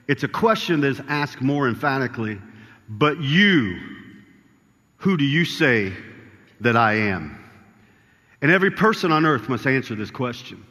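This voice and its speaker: A man of middle pitch preaches an evening sermon in a church sanctuary. He moves from reading scripture aloud to pressing his points with growing emphasis. His voice trails off into a long reverb from the hall. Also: fairly bright tone.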